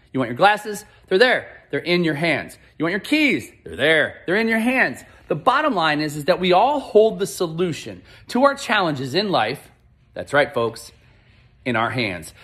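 A man's voice: high voice, fairly bright tone, breathy edge. A man in his thirties hosting a podcast, giving a motivational talk with casual, emphatic and repetitive storytelling. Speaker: podcast host.

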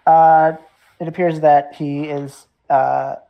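A game master narrating a tabletop game, halting and full of fillers as they describe the scene and rule on spells. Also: mid-range voice, level tone, gravelly, narrow, tinny audio.

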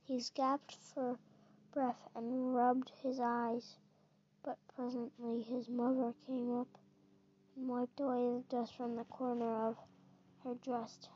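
A woman reads a children's book aloud in a gentle storytelling manner, now and then stumbling over a word and restarting it. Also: fairly high pitch, little pitch movement, slow, slight background noise. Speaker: narrator. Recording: dull lo-fi recording.

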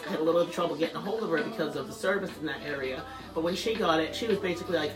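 A woman's voice: very fast, hardly any pauses, roomy sound, music in the background, low-quality recording. A middle-aged woman telling a personal story in a casual interview, chatty and acting out the voices of the people she quotes. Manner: chatty, acts out quoted voices with rising pitch and laughter. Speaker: guest sharing a personal story.

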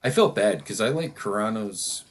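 A man's voice: lowish voice, animated, normal speed. A man in a casual podcast chat, talking bluntly with profanity and trailing fillers. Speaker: podcast co-host.

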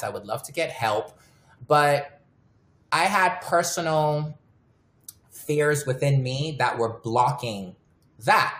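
A woman's voice: deep voice, echoey room. A woman hosting a casual podcast, telling personal stories candidly and swearing freely. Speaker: podcast host.

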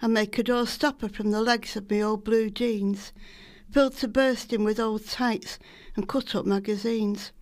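A woman's voice: on the high side, steady tone, a little slow, a little mellow. A woman from Salford with a Lancashire accent, reading her own poems in a homely storytelling manner. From Salford, England. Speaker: poet. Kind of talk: poetry reading.

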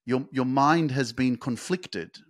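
A man's voice: mid-range voice, dry recording. A young man hosting a motivational podcast, emphatic and swearing freely as he pushes his listeners. His voice sits in the middle of the male range. It is recorded close on a podcast mic with a dry, roomless sound. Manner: emphatic, swears freely, rises to loud fast peaks. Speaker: podcast host.

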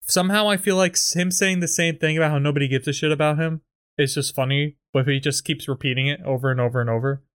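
A man's voice: on the high side, fairly even intonation, fast talker, fairly bright tone, clear, resonant tone. A man in casual chat about a comedy sketch, rambling with many filler words and acting out lines. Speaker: comedy writing partner.

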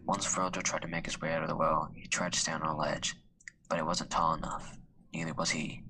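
A man reading a story aloud in a hushed, half-whispered way. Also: a bass voice, little pitch movement, fairly quick, slight background noise, low-quality recording. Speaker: student reader.

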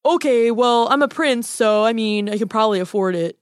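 Woman doing an excitable young prince, high-pitched, eager, casual, storybook reading. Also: fairly quick, smooth, no echo, studio quality, natural voice.

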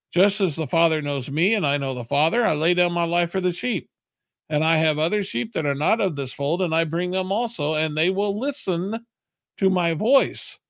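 A man's voice: on the high side, dry recording. A man preaching a sermon in an earnest, plain-spoken way.

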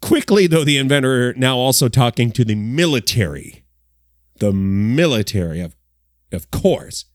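A man hosting a comedic news countdown, animated and full of jokey asides. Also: medium pitch, measured pace, no room sound, clean studio sound. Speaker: host of a countdown segment.

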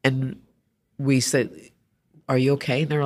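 Animated woman artist telling stories. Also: a bass voice, a little slow, pauses often. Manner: animated storyteller, acts out quoted voices. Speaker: artist guest. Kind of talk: interview conversation.

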